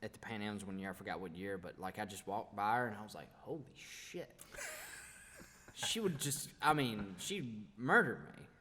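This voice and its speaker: A man's voice: on the low side, fairly quick, hardly any pauses, pushed and bright, a little hiss or hum. A man, a martial arts school owner, guesting on a casual podcast chat in an easygoing, agreeable way. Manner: laid-back, agreeable, trailing off. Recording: long echoey room reverb.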